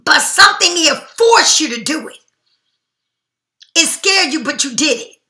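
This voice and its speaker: A woman giving a casual, chatty tarot reading in an animated, slangy way. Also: high-pitched, a little slow, echoey room, a little hiss or hum. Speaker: tarot reader.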